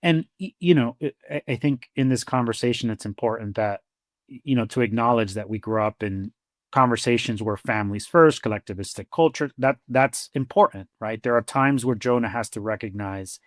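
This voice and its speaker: A man's voice: mid-range voice, fairly quick, no room sound, clean studio sound. A man who works as a therapist, co-hosting a conversational podcast in a reflective storytelling way, acting out quoted dialogue and often saying "you know" and "like.".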